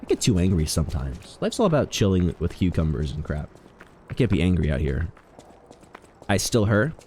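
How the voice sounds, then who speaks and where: Wildly animated male game streamer. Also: low voice, fairly quick, a little hiss or hum. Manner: animated, swings from mumbling to loud outbursts, swears. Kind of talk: casual live gaming commentary.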